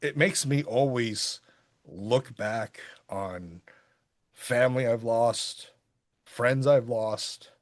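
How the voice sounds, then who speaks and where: A middle-aged man co-hosting a podcast, chatting casually about a film in a rambling, animated way. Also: mid-range voice, extremely slow. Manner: rambling, animated, bursts into quoted voices. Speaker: podcast co-host. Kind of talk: casual movie review chat.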